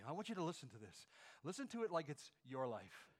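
A man preaching a sermon, leading the congregation in call-and-response and swinging between hushed phrases and emphatic questions. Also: mid-range voice, big pitch swings, fairly quick. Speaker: pastor.

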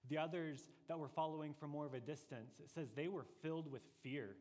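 A man preaching a sermon as pastor, earnest and deliberate, pressing his points with rising emphasis. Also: on the high side, darkish tone, in a large hall.

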